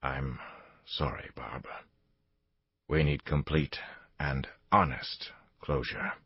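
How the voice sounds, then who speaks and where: A man voicing a quiet, regretful older male official who speaks hesitantly and sorrowfully. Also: a bass voice, fairly even intonation, slow pace, creaky, breathy edge, no echo, heavily acted. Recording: dull lo-fi dry recording.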